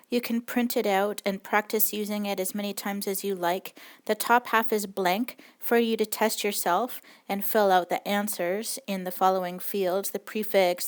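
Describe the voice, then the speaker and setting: A woman teaching a recorded language lesson, explaining rules patiently and step by step. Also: medium pitch.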